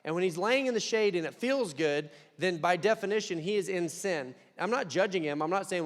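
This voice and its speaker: A young man preaching a conversational sermon, dropping to quiet asides and rising to loud, emphatic peaks. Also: sits high, expressive, a little fast, few pauses. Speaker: pastor. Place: church hall. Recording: long hall reverb.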